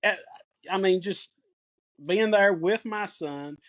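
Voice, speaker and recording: A middle-aged man with a Tennessee accent, co-hosting a sports podcast and telling excited, folksy stories in casual chat. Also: high-pitched, takes it slowly. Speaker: podcast co-host.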